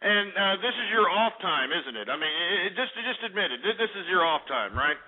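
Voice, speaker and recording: A man's voice: high voice, animated, a little fast, slight background noise. A man hosting a call-in radio show, ranting angrily and berating his callers. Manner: angry, exasperated, insulting callers. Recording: tinny phone-like audio.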